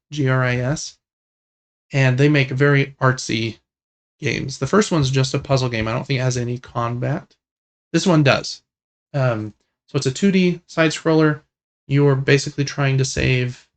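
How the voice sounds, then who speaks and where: A man co-hosting a gaming podcast, chatting casually in a relaxed, rambling way with lots of fillers. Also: mid-range voice, vocal fry. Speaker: podcast co-host. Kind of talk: casual chat about video games.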